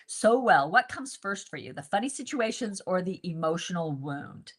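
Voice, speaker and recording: A woman hosting a book group interview, chatting casually and telling stories in an animated way, laughing often. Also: lowish voice, normal speed, husky.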